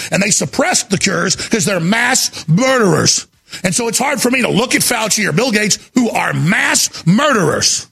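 Man, frantic radio host monologue, raspy husky voice, shouts often. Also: sits high. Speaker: radio talk show host. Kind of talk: impassioned on-air monologue.

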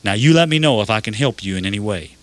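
A man voicing a stern but caring prison captain with a Georgian accent, speaking firmly and slowly. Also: on the low side, animated, no room sound, natural voice.

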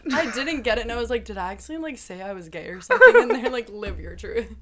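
A young woman from the American South, chatting casually, talking fast and giggling as she tells stories. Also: a little high, a crowd in the background. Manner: fast, giggly, animated storytelling. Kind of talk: casual chat.

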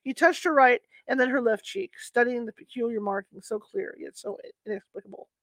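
A woman's voice: on the high side, lively intonation, a little fast, a bit bright, no room sound. Casual woman reading a story aloud. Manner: informal, stops to correct herself and apologize mid-reading. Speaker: reader.

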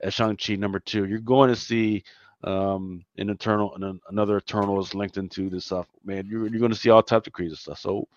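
A man's voice: on the low side, steady tone, brisk. Emphatic man from Philly, slightly muffled. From Philadelphia. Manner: loose, emphatic, peppered with "man" and "right?". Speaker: podcast co-host. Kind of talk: casual chat.

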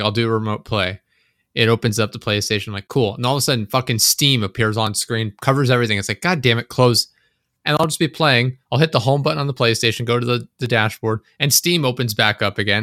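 A man's voice: medium pitch, a bit bright, no room sound, studio quality. A man co-hosting a podcast, chatting casually, swearing freely and acting out his own frustrated reactions. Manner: swears freely, acts out frustrated inner monologue. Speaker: podcast co-host. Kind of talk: casual chat.

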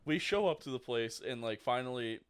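A man in casual chat with friends who laughs often and talks in an excitable, profane way. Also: medium pitch, fairly quick, clear, resonant tone.

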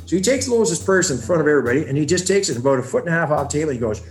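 A man tells his story in a blunt, profane way and acts out every line of dialogue he quotes. His voice sits a little higher than most men's. Faint music plays behind him. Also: animated, racing, echoey room. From Ontario, Canada. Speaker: brother of a missing woman, interviewee. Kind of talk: storytelling interview.

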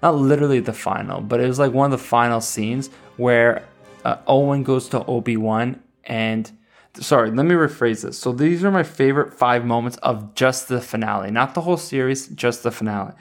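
A man's voice: mid-range voice, normal speed, soft background music. A man in his thirties talking casually as a reviewer. He speaks eagerly and rambles, with frequent fillers and restarts. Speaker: series reviewer. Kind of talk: casual chat.

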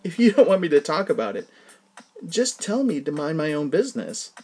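A man's voice: a little high, big pitch swings, fairly quick, darkish tone, slightly rough, soft background music, voice pushed up, heavily acted. A man putting on a doting older woman. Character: chatty motherly older woman driver.

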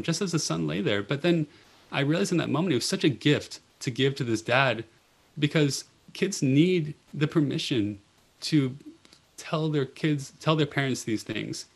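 Middle-aged male nurse guest, earnest and gentle storyteller, gravelly edge on a medium-pitched voice. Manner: earnest, gentle, with frequent "you know" and restarts. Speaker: pediatric oncology nurse and author, guest. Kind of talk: reflective storytelling in a podcast interview.

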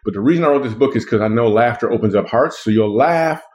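A man's voice: medium pitch, fast talker, a little mellow, lo-fi sound. A man hosting a casual comedic chat, playful and rambling as he jokes with his co-hosts. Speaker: podcast host and author.

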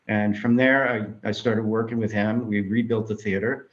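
A man's voice: on the low side, moderate pace, few pauses, dull audio. A man from New York, a filmmaker, telling his life story in an interview and acting out the voices of people in it. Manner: animated storyteller acting out quoted dialogue.

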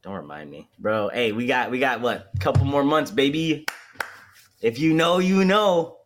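A man's voice: mid-range voice, animated, a little slow, background noise. A man in his twenties co-hosting a podcast, ranting in loose, profane slang during a casual chat. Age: 20s. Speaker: podcast co-host.

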